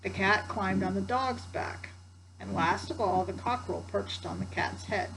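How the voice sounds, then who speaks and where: A woman's voice: medium pitch, normal speed, a little hiss or hum, poor audio. An older woman, a grandmother, reading a children's story aloud with chatty asides to her grandsons. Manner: warm chatty asides to the listener.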